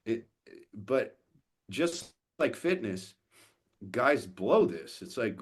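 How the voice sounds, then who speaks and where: In a casual podcast conversation, a guest who coaches fathers talks in a mid-range, slightly rough voice that's very animated, with drawn-out words. Blunt and profane, he acts out quoted dialogue from other people.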